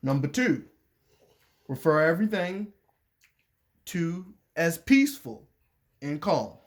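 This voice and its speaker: A man's voice: fairly high pitch, big pitch swings, takes it slowly. A man reading a letter aloud and commenting on it in casual chat, repeating his points and restarting sentences as he goes.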